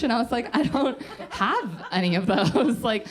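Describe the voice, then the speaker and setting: A young adult woman telling a comic personal story to a live audience, self-mocking and animated, slipping into quoted voices and laughing as she goes. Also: mid-range voice, normal speed, hardly any pauses. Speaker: comedian telling a story on stage.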